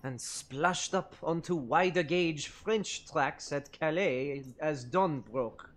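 Woman narrator, very low voice, slow playful game read-aloud.

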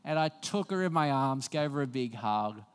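A man's voice: mid-range voice, expressive, normal speed, clean tone, long reverb tail. A man preaching a sermon as pastor, talking to the congregation in a conversational way and weaving in personal stories. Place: church.

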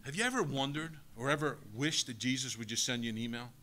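A man's voice: medium pitch, quick pace, sharp tone, a little hiss or hum. A male pastor giving a sermon, preaching emphatically and asking the congregation rhetorical questions.

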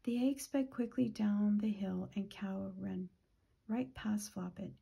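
A woman reading a children's picture book aloud, gentle and often dropping to a whisper, with a husky voice. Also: medium pitch, slow. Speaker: children's storytime reader.

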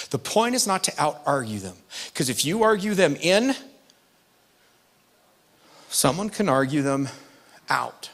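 A man's voice: fairly high pitch, fairly bright tone. A male pastor preaching a sermon in a conversational, emphatic way, with asides to the congregation.

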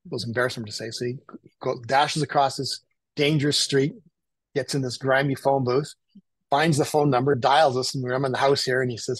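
An older man spins a long story in a husky, slightly breathy voice. He talks casually and acts out the other people's lines as he goes. The sound is dry and close. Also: medium pitch, a little fast, no room sound, poor audio. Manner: animated anecdotal, acts out quotes. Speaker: photographer guest.

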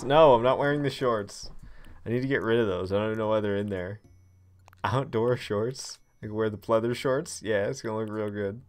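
A man's voice: lowish voice, clean tone. A man streaming a cozy life-sim game, chatting casually and thinking aloud, laughing easily at what happens on screen. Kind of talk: casual gameplay livestream commentary.

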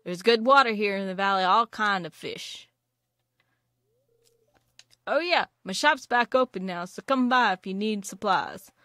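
A woman voicing a gruff old male fisherman with a hearty, pirate-like drawl, for a video game. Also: mid-range voice, measured pace, long pauses, bright, forceful tone, dry recording.

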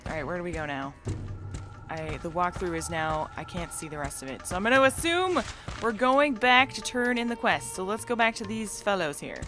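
A woman's voice: fairly low pitch, animated, moderate pace. A woman hosting a let's play, chatting playfully and casually as she plays and now and then breaking into song. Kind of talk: casual gameplay commentary. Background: game music.

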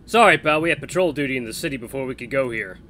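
A man voicing a friendly, straightforward young guard who talks loud and hearty. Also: mid-range voice, lively intonation, quick pace, slight background noise. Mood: cheerful.

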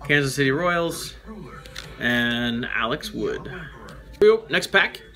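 A man's voice: medium pitch, slow pace, sharp tone, faint music behind. A man hosting a toy show, chatting casually as he reads out names and makes joking asides. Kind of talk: casual card-opening chat.

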